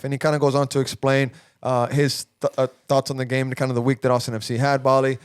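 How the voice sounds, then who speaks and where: A man's voice: mid-range voice, fast, hardly any pauses, clear, resonant tone, no room sound, clean studio sound. A man hosting a sports podcast in casual chat, breaking down plays and pushing back on bad takes. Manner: chatty, animated, argumentative. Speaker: podcast host.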